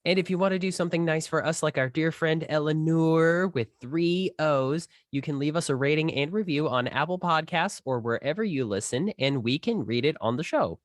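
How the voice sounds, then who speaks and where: A man's voice: a little high, normal speed, hardly any pauses, dry recording, studio quality. A man co-hosting a podcast over a video call, joking and bantering. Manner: joking, animated. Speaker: podcast co-host. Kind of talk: casual podcast chat.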